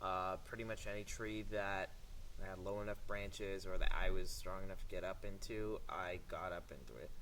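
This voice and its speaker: A young man telling absurd sad stories in a mock-dramatic, deadpan way that builds to flat punchlines. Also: low-pitched, moderate pace, a little hiss or hum. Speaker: comedian.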